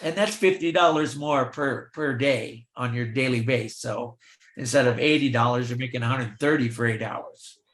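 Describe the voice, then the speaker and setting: Animated older man telling stories. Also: mid-range voice, moderate pace, roomy sound, a little hiss or hum. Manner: animated anecdotes, acting out quoted voices. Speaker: film extra and actor, guest. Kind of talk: storytelling in an interview.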